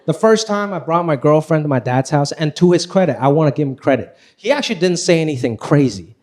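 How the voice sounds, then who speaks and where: A man performing live stand-up comedy, telling stories with high energy. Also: quick pace. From Los Angeles. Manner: animated, high-energy storytelling. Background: audience laughing.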